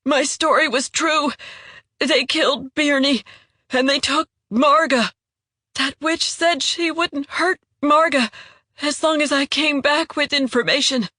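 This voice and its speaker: A man's voice: very high voice, measured pace, pushed and bright, no room sound, studio quality, voice pushed up, heavily acted. A woman voicing a wounded, desperate male traitor who pleads in a quavering voice. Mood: pleading.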